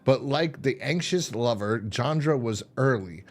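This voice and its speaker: A man's voice: mid-range voice, animated, a little slow, faint music behind. A man hosting a show, reading a comic aloud and commenting in a chatty, amused way, with fillers and restarts. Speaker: host.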